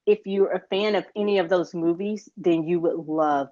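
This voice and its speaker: An American woman co-hosts a podcast in a relaxed, rambling way, leaning on fillers between thoughts. Her voice sits on the lower side. The recording is dry and slightly muffled. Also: normal speed, no echo. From United States. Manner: chatty, rambling with many fillers. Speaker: podcast co-host. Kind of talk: casual chat. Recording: dull, dry lo-fi sound.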